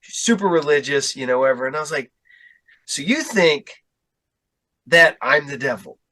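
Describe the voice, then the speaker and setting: A man telling a story in casual podcast chat, acting out quotes with big jumps in pitch. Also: animated, moderate pace, sharp tone. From Ohio. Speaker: podcast guest.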